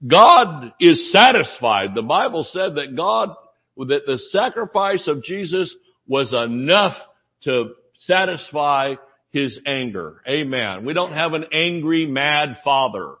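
A man with a Southern US accent delivers a humorous sermon packed with stories, laughing often as he tells them with animation. His voice is a little high and unhurried, and the recording sounds lo-fi.

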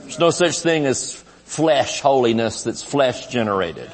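A man in his fifties preaching a humorous, lively sermon at a live conference, laughing as he talks and shouting some lines. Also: mid-range voice, measured pace. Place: large church sanctuary. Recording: live sermon with long hall reverb.

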